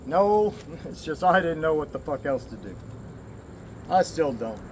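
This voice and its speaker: A man's voice: fairly high pitch, big pitch swings, unhurried, a little mellow, slight background noise. A man from the American Southwest, at least in his forties, talking candidly in a rambling personal vlog. He swears, laughs often and speaks in short bursts. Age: 40s or older. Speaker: vlogger.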